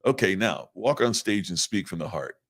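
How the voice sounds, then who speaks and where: A man's voice: low voice, sing-song, normal speed, full character voice. Man retelling a blunt, wry speech coach. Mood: challenging. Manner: wry, hypothetical scenarios.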